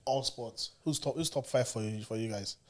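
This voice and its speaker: A man's voice: medium pitch, moderate pace. A man co-hosting a podcast, chatting casually and arguing about sport. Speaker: podcast co-host. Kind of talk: casual chat.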